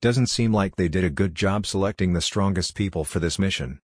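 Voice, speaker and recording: A man voicing a menacing fellow sleeper who speaks in a low, brooding way. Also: a little fast, no room sound, studio quality.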